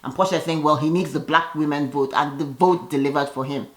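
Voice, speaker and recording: A woman giving a casual, chatty recap of a TV episode. She leans on "you know" and acts out the cast's lines with animated quoting. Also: low voice, fairly quick. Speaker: reality TV recap vlogger. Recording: roomy echo.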